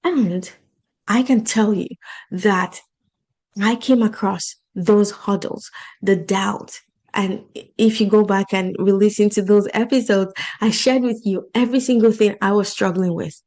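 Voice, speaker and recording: A woman's voice: mid-range voice, steady tone, measured pace, darkish tone, low-quality recording. A woman with an accent who works as a life and financial coach, talking casually and encouragingly about her coaching program and repeating points for emphasis. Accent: non-native English accent.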